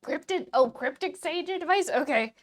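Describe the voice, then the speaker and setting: This is a cartoon frog wired on coffee, squeaky and loud, voiced by a woman in a silly put-on voice. It talks in excitable, bouncy bursts. The sound stays playful and goofy throughout. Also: normal speed. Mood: giddy. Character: hyper over-caffeinated cartoon frog. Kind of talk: live-stream silly voice.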